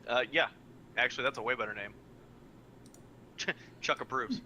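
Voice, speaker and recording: A man's voice: mid-range voice, moderate pace, noisy background. A laid-back, giggly man playing a tabletop game. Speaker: player.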